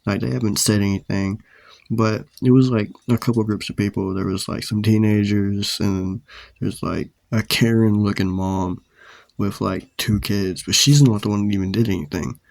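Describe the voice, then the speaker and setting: A man's voice: lowish voice, steady tone, normal speed, vocal fry, dry recording. A man telling a story from his own life in a casual, rambling, profane way, with many "like" fillers.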